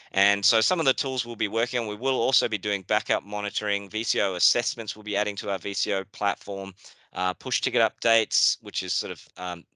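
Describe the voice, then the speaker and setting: Bright, crisp New Zealand man hosting. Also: sits low, dry recording. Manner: chatty, with many fillers and restarts. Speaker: webinar host. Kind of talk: casual webinar presentation. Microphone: video call.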